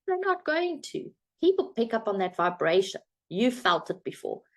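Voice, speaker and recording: A woman's voice: fairly high pitch, sing-song, normal speed. A woman coach telling a parable and drawing a motivational lesson from it, in a chatty storytelling way with some fillers. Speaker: self-help coach.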